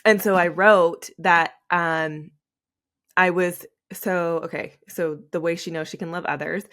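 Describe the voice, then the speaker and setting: Low-voiced woman, candid and tearful. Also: a bit bright. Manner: candid and emotional, rambling with many fillers. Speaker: podcast host. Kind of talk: confessional solo podcast.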